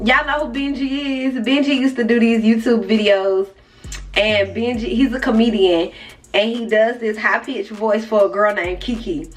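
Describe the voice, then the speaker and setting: This young woman vlogger has a fairly high, steady voice at a normal speed. She tells a casual story in a chatty way, addressing her viewers directly and adding side remarks. The mic is distant, with faint music behind her.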